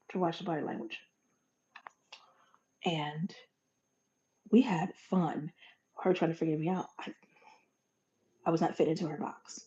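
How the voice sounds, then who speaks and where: A lowish, mellow-voiced woman talks to her listeners in a folksy, animated monologue, dropping to near whispers and then bursting louder. The recording sounds dull and lo-fi. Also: a little hiss or hum. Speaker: podcast host. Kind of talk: motivational monologue.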